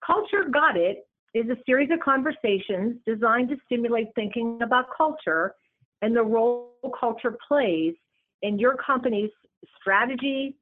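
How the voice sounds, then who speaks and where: A woman presenting a business series in scripted narration, with measured, emphatic lists. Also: a little high. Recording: tinny phone-like line.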